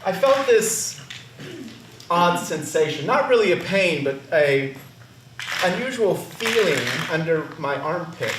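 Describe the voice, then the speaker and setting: A man's voice: on the high side, a little hiss or hum. A man telling a personal story on stage, with wry, self-mocking humor. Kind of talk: live personal storytelling performance. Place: theater stage. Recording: roomy, distant stage recording.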